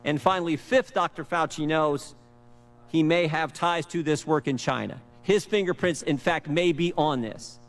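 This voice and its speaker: A man's voice: on the high side, normal speed, faint music behind. A man giving an emphatic speech, reading emails aloud and repeating key phrases for stress. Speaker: speaker presenting documents.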